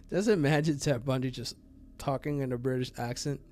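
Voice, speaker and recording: A man's voice: medium pitch, a little mellow. A man hosting a true crime channel, talking casually in a rambling, profane way full of fillers. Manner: rambling, profane, full of fillers, laughs at his own jokes.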